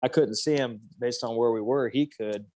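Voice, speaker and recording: A man's voice: medium pitch, normal speed, darkish tone, no echo. A man in his thirties casually telling a hunting story, rambling with many fillers and restarts. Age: 30s.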